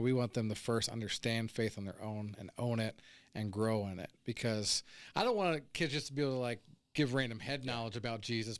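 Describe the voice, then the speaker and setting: A man who leads a church kids ministry, talking earnestly and relaxed in a casual chat. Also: medium pitch, no room sound.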